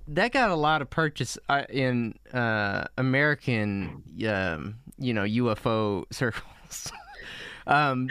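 A man's voice: medium pitch, a bit bright, smooth, dry recording. A man co-hosting a podcast, rambling casually with hesitant fillers and frequent laughter. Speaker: podcast co-host.

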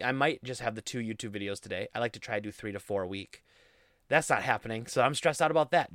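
A young man with a mid-range voice hosts a casual solo podcast, rambling goofily and poking fun at himself into a studio mic. The recording is dry.

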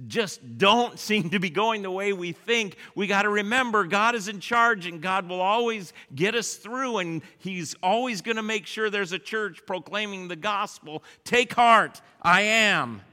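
A pastor preaching a sermon, leading his congregation in a repeated refrain. He swings between loud rallying calls and hushed, quiet lines. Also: high voice, normal speed, hardly any pauses. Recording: echoey church hall.

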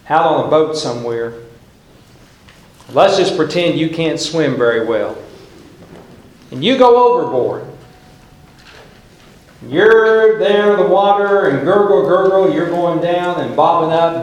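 Middle-aged pastor guy preaching, folksy stories, higher voice, super echoey church. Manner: folksy storytelling with dramatic pauses. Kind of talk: sermon. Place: church sanctuary.

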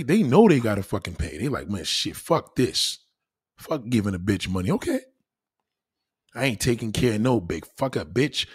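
Husky man in a profane rant. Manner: loud, crude, swings between low mutters and high exclaims. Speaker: vlogger ranting to camera.

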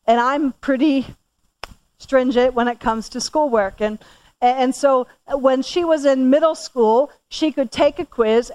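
A middle-aged woman telling a story in a sermon, talking casually and animatedly, climbing higher when she quotes herself scolding. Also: a little mellow, smooth. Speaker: church speaker.

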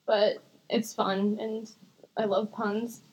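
A woman's voice: mid-range voice, little pitch movement, takes it slowly, a little mellow, husky, lo-fi sound. A young woman co-hosting a podcast in casual chat, rambling and giggling often, swearing casually. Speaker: podcast co-host.

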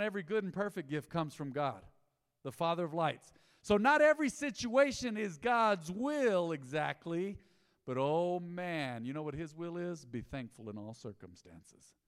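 A man preaching a sermon in his church, telling a story with lively swings between loud exclaims and hushed asides. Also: sits high, normal speed, smooth, long reverb tail. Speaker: pastor. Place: church sanctuary.

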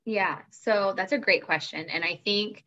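A middle-aged woman, a school network director, talking about her schools in an animated, emphatic interview chat. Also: medium pitch, a little slow. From Arizona. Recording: slightly dull podcast audio.

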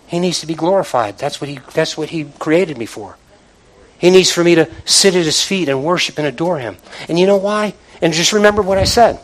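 A man's voice on the high side, with lively intonation, preaches a little fast over a rough recording. The pastor keeps his sermon conversational from the church pulpit, calling out to those gathered.

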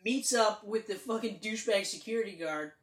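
A man casually chatting about movies as a podcast co-host, excited and swearing often. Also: high-pitched, brisk. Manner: animated, swearing, excited retelling. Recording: echoey room.

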